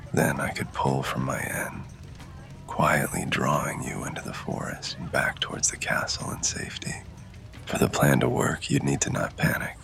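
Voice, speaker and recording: A man in a whispered role-play, his voice pitched extremely low and full of gravel, breathy and close yet crisp at the edges. he narrates intimately in first person, never raising it above a hush.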